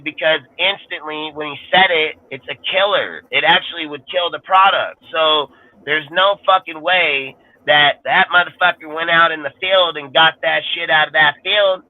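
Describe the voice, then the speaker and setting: A man ranting on a sports podcast panel, swearing constantly and rambling heatedly in casual talk. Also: on the high side. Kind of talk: profane casual rant. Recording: tinny phone-like line.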